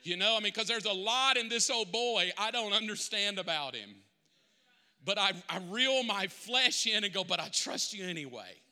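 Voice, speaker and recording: Middle-aged male preacher, high clear voice, raw confessional intensity, church sanctuary echo. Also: lively intonation, moderate pace, pushed and bright. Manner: emotional, confessional preaching that builds to impassioned peaks. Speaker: pastor. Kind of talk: sermon.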